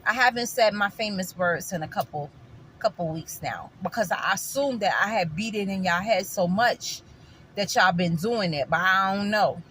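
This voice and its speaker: Speaking in a fairly bright, mid-range voice at a moderate pace, a New York-born vlogger with a New York accent talks to her viewers, a little hiss or hum in the audio. She's opinionated in a casual way, calls them guys, and stresses and repeats her points.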